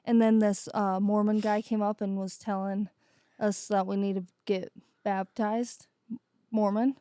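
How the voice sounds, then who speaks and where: A woman's voice: mid-range voice, little pitch movement, measured pace, mellow, smooth, dry recording, studio quality. A woman co-hosting a podcast in casual chat, easygoing and chatty, telling stories. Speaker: podcast co-host.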